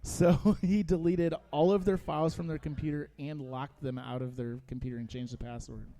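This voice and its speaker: A man with a rather high but warm and mellow voice chats on a radio show, spinning animated stories and laughing as he goes. He speaks casually and slips into imitating other people. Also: normal speed. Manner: animated storyteller, laughs often, mimics callers. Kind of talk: casual chat.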